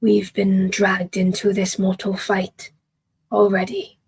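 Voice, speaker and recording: A woman voicing a small, solemn old male tribal chief who speaks in slow, hushed pronouncements. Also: mid-range voice, completely flat delivery, gravelly, slightly rough, full character voice.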